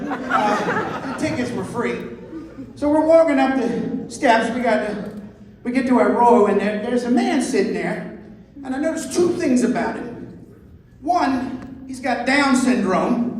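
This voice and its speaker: On a club stage before a live audience, a man in his fifties performs a crude stand-up set, telling stories and voicing the dialogue himself. His voice is very high and a little mellow. It's recorded from far off in an echoey hall, with audience laughter behind him.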